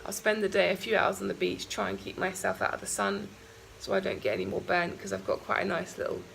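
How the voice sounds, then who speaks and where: Young woman, croaky and gravelly, chatty travel vlogger rambling candidly, faint background noise. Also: mid-range voice, level tone, fast talker, a bit bright, rough recording. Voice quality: croaky morning voice. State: out of breath from walking uphill. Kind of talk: casual travel vlog. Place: outdoors walking on a hilly island road.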